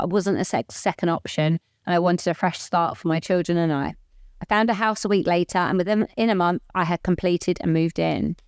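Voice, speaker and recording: A woman's voice: on the low side, a little mellow, smooth, no room sound, studio quality. A woman co-hosting a podcast, reading a listener's letter aloud and getting emotional. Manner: emotional, voice catching at times. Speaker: podcast co-host.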